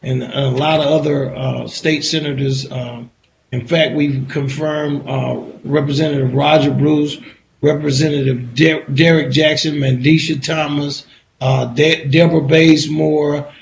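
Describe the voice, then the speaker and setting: A woman who hosts and owns a radio station, talking in a brash, rapid-fire way as she reels off lists. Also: deep voice, steady tone, vocal fry, echoey room, low-quality recording. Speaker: radio station owner and morning show host. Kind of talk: casual radio talk.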